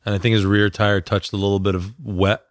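A man's voice: on the low side, little pitch movement, brisk, no echo, clean studio sound. A man co-hosting a casual podcast, chiming in with short remarks and follow-up questions.

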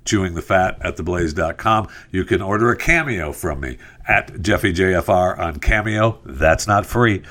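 Deep-voiced male radio host. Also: normal speed, few pauses. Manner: relaxed, rambling, frequent fillers. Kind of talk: casual talk, telling a joke.

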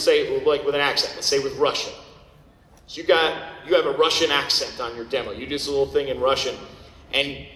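A man's voice: on the high side, fairly bright tone, a little hiss or hum. Blunt man lecturing in an echoey hall. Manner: casual, blunt, keeps checking in with the audience. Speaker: voice actor giving audition advice. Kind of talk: convention panel talk. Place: convention panel room.

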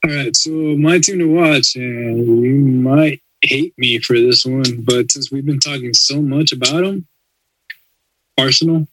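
A man's voice: mid-range voice, unhurried, fairly bright tone, no echo, poor audio. A man co-hosting a casual sports podcast in an easygoing, teasing way. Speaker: podcast co-host.

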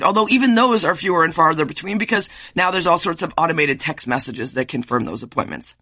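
A woman hosting a podcast, chatting with a guest and then delivering an animated, sarcastic rant. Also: fairly low pitch, quick pace, few pauses, no echo, clean studio sound. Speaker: podcast host. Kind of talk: casual interview, then a scripted rant.

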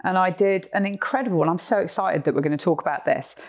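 English woman, lowish voice, podcast co-host, animated storyteller. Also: quick pace. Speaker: podcast co-host, horse trainer.

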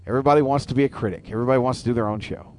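A man's voice: medium pitch, rapid-fire, a little mellow, a little hiss or hum. A man co-hosting an internet radio talk show, bantering crudely and joking with his partner. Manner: profane, joking, teasing.

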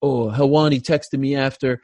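A man's voice: mid-range voice, normal speed, no echo. A man hosting a casual sports talk show, getting worked up as he tells stories and reading sponsor spots with mock seriousness. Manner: animated, gets worked up, reads ads with mock gravity. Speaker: podcast host. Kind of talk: casual sports chat with ad read.

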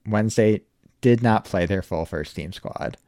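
Man, podcast host, low voice, dry close sound, wry, laid-back. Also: a little slow, dark tone, dry recording. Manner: laid-back, wry, laughs often, swears casually. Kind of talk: casual podcast chat.

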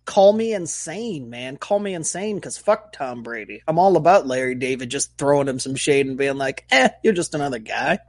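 A man co-hosting a podcast, telling stories in casual banter with animated, profane delivery. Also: medium pitch, moderate pace, hardly any pauses, dry recording. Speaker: podcast co-host.

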